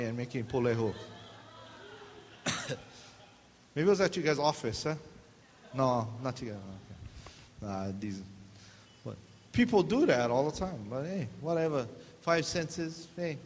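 Man, pastor, joking sermon, long church reverb, faint hiss. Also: medium pitch. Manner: joking, animated, acts out dialogue. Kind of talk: humorous sermon storytelling.

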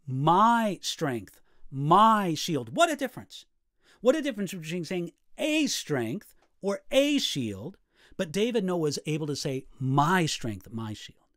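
Earnest male pastor with a lively voice. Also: on the high side, no room sound, clean studio sound. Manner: earnest, reflective, quoting scripture aloud. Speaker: pastor teaching Bible study. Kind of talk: explaining study notes.

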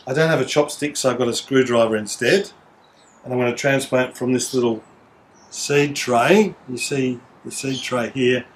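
Man, middle pitch, friendly garden how-to, gentle hands-on talk, faint noise behind. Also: moderate pace. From Australia. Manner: chatty and gentle, talking to the camera person as he works. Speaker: home gardener demonstrating seedling transplanting. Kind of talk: casual how-to demonstration with some scripted narration.

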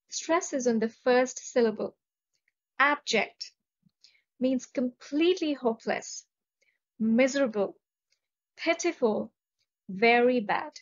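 Slow, careful woman teaching vocabulary. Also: a little high. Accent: Indian English. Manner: clear, careful enunciation of each word. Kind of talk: slow, deliberate vocabulary lesson. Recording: dull lo-fi recording.

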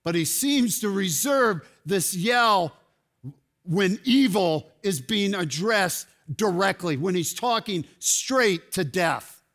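A man preaching a sermon as pastor, animated and rising to loud exclamations. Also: high voice, slow pace. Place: church sanctuary.

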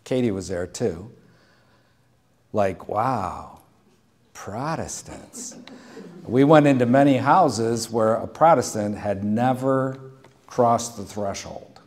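A middle-aged man preaching a sermon as pastor, moving from plain exhortation into relaxed storytelling with dry humor. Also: medium pitch, slow pace, long pauses.

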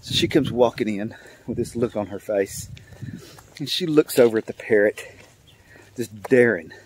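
A man's voice: lowish voice, slight background noise. An older man telling a joke in a casual, rambling way, full of fillers and repeats. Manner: rambling, drawn-out storytelling with many fillers. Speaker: channel host.

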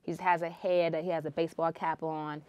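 A woman hosting a podcast, telling a personal story in an earnest, intense way with sudden loud swells. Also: sits low, level tone, fairly quick, clear, resonant tone, dry recording, muffled recording. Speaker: podcast host.

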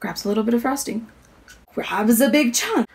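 Woman vlogging to camera, earnest and emphatic, bit of vocal fry. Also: a little high, animated, normal speed, a little mellow. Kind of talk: personal story to camera.

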